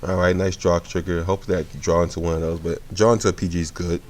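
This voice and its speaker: This young man's voice sits low and moves fast as he casually narrates a card game he's in. Sleepy and yawning but relaxed, he rambles a lot and keeps correcting himself.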